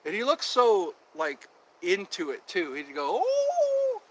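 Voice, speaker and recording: A man's voice: a little high, animated, measured pace, slight background noise, poor audio. A man chatting casually on a livestream, rambling with many fillers, recorded outdoors on a phone. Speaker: livestream host. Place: outdoors at sunset, traffic passing.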